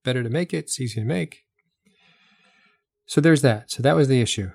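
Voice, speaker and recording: A man's voice: mid-range voice, a little fast, gravelly, no room sound. Emphatic man with a dry, close sound. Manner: emphatic, repeats points for effect, rhetorical questions. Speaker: health talk host selling products. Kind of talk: casual explanatory talk.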